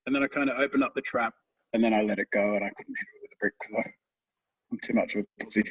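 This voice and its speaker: A man's voice: on the low side, rapid-fire, slightly rough, distant mic, poor audio. Rambling, swearing man telling stories. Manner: rambling storyteller, swears casually. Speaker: podcast co-host. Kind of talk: casual chat.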